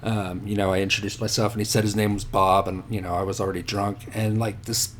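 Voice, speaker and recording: A man's voice: fairly low pitch, level tone, quick pace, a little hiss or hum. A man telling rambling, profane stories about himself as a podcast guest. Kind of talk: casual podcast storytelling.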